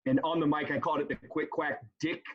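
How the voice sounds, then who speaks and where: A man who works as a basketball emcee, telling an embarrassing story in an animated, rambling way, often restarting his sentences. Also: a little high, fast talker, very noisy. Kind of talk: casual storytelling on a panel. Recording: dull lo-fi sound.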